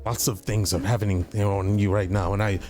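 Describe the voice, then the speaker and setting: A man's voice: fairly low pitch, fairly even intonation, fast, a little mellow, faint music behind. A man playing a tabletop role-playing game, talking in stammering, flustered apologies, slipping in and out of character. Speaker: player.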